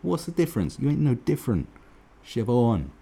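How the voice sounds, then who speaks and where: A man's voice: medium pitch, very animated, moderate pace, gravelly, mellow, husky. A man giving a profane, mocking commentary rant as host of his own channel. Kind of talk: ranting commentary.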